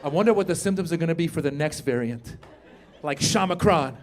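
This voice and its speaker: Working a club crowd, a comedian in his fifties delivers his routine loudly and animatedly, shouting the punchlines. His voice runs on the high side, his pace is a little fast, and a faint hiss or hum sits under the audio.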